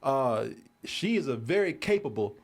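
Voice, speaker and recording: A male show host in casual, animated review chat, swearing freely and laughing often. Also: medium pitch, moderate pace. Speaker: podcast host.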